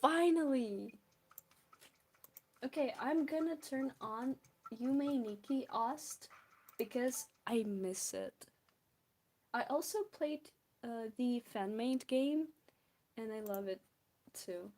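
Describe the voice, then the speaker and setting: A woman's voice: on the high side, slow, pauses often, a little mellow. A young woman from Belarus with a Belarusian accent, chatting casually and giggling with viewers while drawing on a stream. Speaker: art streamer.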